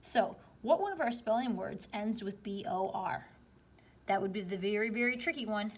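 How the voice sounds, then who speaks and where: A woman teacher slowly and patiently walking students through a spelling worksheet, step by step. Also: medium pitch, slightly rough. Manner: slow, patient, explaining step by step. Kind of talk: spelling lesson walkthrough.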